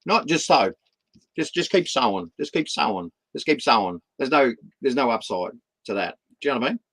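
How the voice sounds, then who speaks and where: Gravelly Australian man in his fifties. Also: mid-range voice, animated, fairly quick, a bit bright, no room sound, low-quality recording. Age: 50s. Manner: impassioned, repeats words and restarts, preaches with rising emphasis. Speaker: guest, community partnerships founder. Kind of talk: passionate conversational interview.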